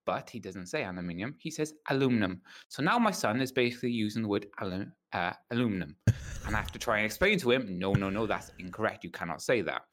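A man's voice: mid-range voice, fairly bright tone. A British man and father, a podcast guest, telling anecdotes and arguing about word choices with mild indignation. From United Kingdom. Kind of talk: casual chat.

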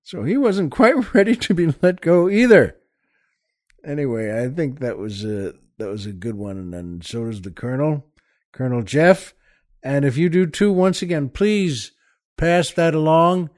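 A man's voice: mid-range voice, moderate pace, no room sound, clean studio sound. A man hosting a comedy podcast, telling a joke in a rambling, folksy way with many hesitations. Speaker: podcast host. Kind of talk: comic storytelling and joke telling.

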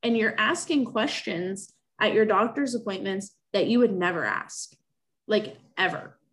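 A woman's voice: mid-range voice, unhurried. A young woman telling a personal story in casual conversation, acting out the remembered exchanges in her own voice. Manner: animated, acts out remembered exchanges. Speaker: guest sharing a personal story.

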